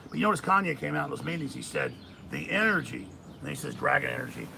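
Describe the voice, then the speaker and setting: A middle-aged man hosting a live stream, ranting heatedly with a gravelly voice, swinging between shouting and muttering. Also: a little high, huge pitch swings, quick pace, background noise. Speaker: host.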